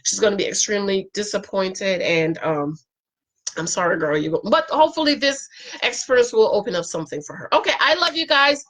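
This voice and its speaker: A middle-aged woman chatting casually as she recaps a reality show, animated and acting out what others say. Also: medium pitch, a little fast.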